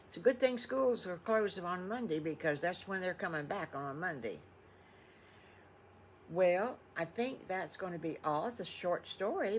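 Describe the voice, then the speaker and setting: An older woman tells a made-up children's story in a slow, unhurried way. Her voice has a gravelly edge, and she rambles warmly between the story and asides. A faint hum of room noise sits behind her. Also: fairly low pitch. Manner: chatty and rambling, with fond exclamations. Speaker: storytelling grandmother. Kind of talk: improvised bedtime storytelling.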